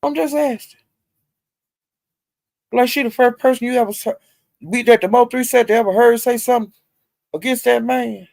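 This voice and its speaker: A woman riffing on a livestream, talking straight to her chat and laughing between lines. She curses freely, jumps from loud outbursts to low muttering, and her voice sits close and dry with no room sound. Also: steady tone, moderate pace, vocal fry, pauses often, no echo. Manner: talks straight to chat viewers by name, laughs a lot, heavy cursing. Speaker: livestream host. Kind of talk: casual livestream commentary.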